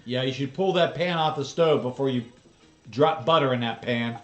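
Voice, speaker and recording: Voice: mid-range voice, normal speed, roomy sound. A streamer giving sarcastic, worked-up reaction commentary on a cooking video, swearing often.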